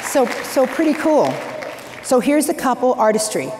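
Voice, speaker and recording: A woman giving an energetic, direct coaching talk to a live audience from a stage, telling anecdotes. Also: high voice, normal speed, crowd noise. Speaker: real estate coach speaker. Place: large hall on stage. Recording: echoey hall, faint background noise.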